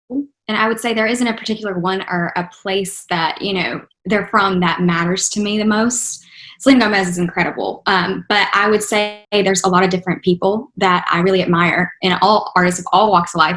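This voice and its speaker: A woman's voice: medium pitch, fairly even intonation, brisk, a bit bright. A young woman from Texas with a faint Texan accent, answering interview questions in an upbeat, enthusiastic way that is full of "you know" and "like". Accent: Texan, mostly trained out. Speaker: interview guest, actress and singer.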